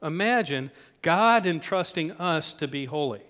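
A man's voice: on the high side, animated, unhurried, fairly bright tone. Man preaching in a reverberant church hall. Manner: conversational with joking asides. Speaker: pastor. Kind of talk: sermon.

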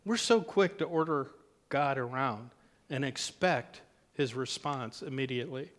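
A man's voice: medium pitch, unhurried, fairly bright tone, big-room sound. A man preaching a sermon as pastor in a church, talking in a conversational way with joking asides.

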